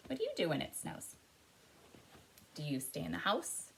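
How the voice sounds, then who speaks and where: A woman leading an interactive storytime for young children, reading aloud and guiding actions, moving between loud calls and soft whispers. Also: low voice, huge pitch swings, normal speed, creaky, long pauses, slight background noise, low-quality recording.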